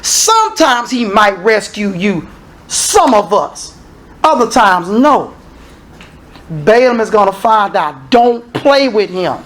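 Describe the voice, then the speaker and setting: Male preacher, sermon delivery, highly animated pitch that leaps up and down, punchy calls to the congregation. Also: slow. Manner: animated preaching, swinging from low asides to shouted exclamations; calls and questions aimed at the congregation.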